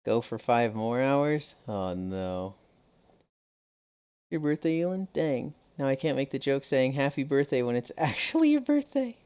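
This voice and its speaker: A man's voice: medium pitch, sing-song, moderate pace, dark tone. A man streaming live, chatting casually and reading viewer messages aloud while walking, sounding a little tired.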